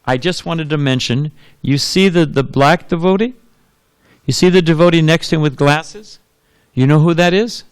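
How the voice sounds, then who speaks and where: Speaking at a normal pace, this man has a fairly high, clear and resonant voice with no room sound. As a monk giving a temple sermon, he tells anecdotes, laughs frequently and asks his audience questions in a storytelling style.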